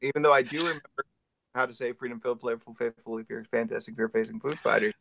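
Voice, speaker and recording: Gravelly, bright-voiced joking man. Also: mid-range voice, level tone, quick pace, no echo. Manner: joking, rambling, playful. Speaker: comic book artist. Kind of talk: casual chat while drawing.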